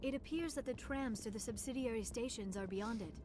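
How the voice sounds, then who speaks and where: A woman voicing a composed female squadmate in a video game, with measured, formal phrasing. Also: fairly high pitch, close to an everyday voice. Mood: matter-of-fact. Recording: game audio under music.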